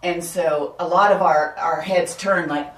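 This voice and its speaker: A woman guest speaker in a casual interview, telling stories in an upbeat, animated way. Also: lowish voice, unhurried, far from the mic. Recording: echoey room, off-mic.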